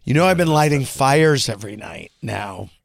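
Male podcast host, gravelly voice, dry booth sound, gossipy and theatrical in his tellings. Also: medium pitch, animated, normal speed, dry recording. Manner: chatty, gossipy, theatrical storyteller. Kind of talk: casual chat.

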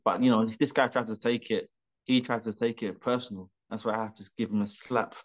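A man's voice: fairly low pitch, steady tone, brisk. A man, a professional boxer, talking animatedly and rambling with restarts and swearing in a remote interview. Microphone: video call. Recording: dull lo-fi video call audio.

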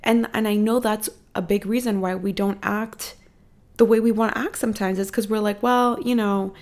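Gravelly-voiced woman giving a profane pep talk. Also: medium pitch, moderate pace. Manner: expressive, profane, animated emphasis. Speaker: podcast host. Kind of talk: casual motivational pep talk. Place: apartment room at home.

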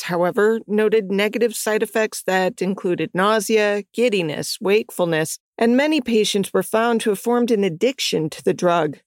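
A woman hosting a podcast, giving scripted history narration in an even, measured read with chatty asides. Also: mid-range voice. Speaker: podcast host.

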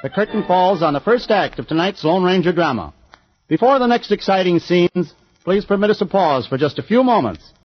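A man's voice: high voice, expressive, brisk. A man making a formal, polished announcement between acts of an old radio drama. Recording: dull old radio recording with music.

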